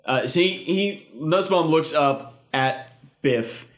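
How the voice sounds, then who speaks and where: A man in a casual chat, recapping a film in a halting way full of fillers and restarts. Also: fairly high pitch, animated.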